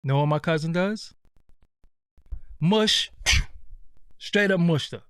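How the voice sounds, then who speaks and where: Brief: New man, fairly high voice, animated and slangy, dry close sound. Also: slow pace, clear, resonant tone, no echo. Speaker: storyteller. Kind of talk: casual anecdote.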